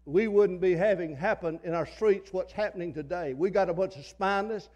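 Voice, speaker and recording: Older man, pastor's sermon, high voice, fiery folksy delivery, church. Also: brisk, darkish tone, lo-fi sound. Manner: fiery, folksy preaching with repeated phrases. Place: church sanctuary.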